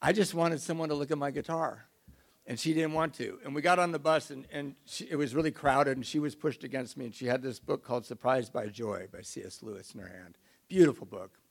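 A middle-aged man telling a self-mocking recovery story to an audience, in an animated way. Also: medium pitch, a little fast, creaky. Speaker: speaker sharing recovery story.

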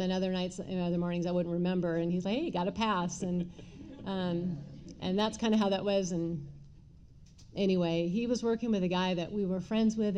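A middle-aged woman candidly telling her own recovery story, with many pauses and fillers. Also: fairly low pitch, dark tone, slight background noise. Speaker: speaker sharing recovery story. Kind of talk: personal testimony talk.

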